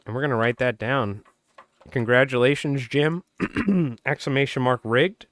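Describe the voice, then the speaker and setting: A man live-streaming, his voice wearing hoarse, calling a marble race play-by-play like a playful sportscaster. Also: medium pitch, unhurried, fairly bright tone, no room sound. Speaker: fly tying live streamer.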